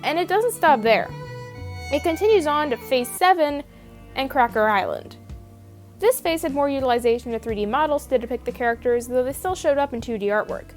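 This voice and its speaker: A young woman reads her video essay script with a high voice, wry and opinionated, swearing now and then. Soft music plays beneath her narration. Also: lively intonation, brisk. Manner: opinionated, wry, casually profane.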